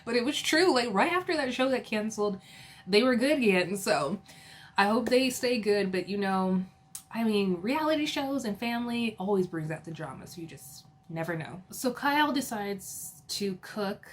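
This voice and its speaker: A woman's voice: mid-range voice, expressive, moderate pace, a little hiss or hum. A woman recapping a reality TV episode in a casual, chatty way, with lots of laughs, fillers and playful asides.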